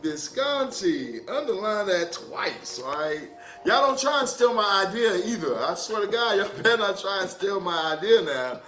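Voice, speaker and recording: A man's voice: high voice, sing-song, normal speed, pushed and bright. A man giving a casual livestream tarot reading, loose and profane, joking and laughing easily. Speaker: tarot card reader. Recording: echoey room with music.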